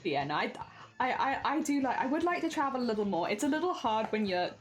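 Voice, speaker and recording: A woman's voice: a little high, very animated, fast, soft background music. A young woman, chatting casually on a live stream, reading and answering chat with frequent laughs.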